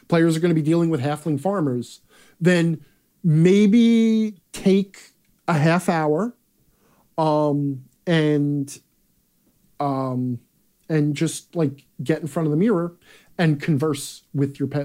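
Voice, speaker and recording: A man's voice: a little high, warm tone. A man hosting a live chat, talking bluntly and casually with profanity and rambling asides. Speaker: host.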